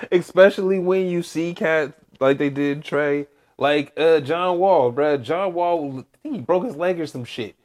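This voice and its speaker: A podcast co-host in casual sports chat, ranting emphatically and profanely. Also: male voice, a little high, a little slow, a little mellow.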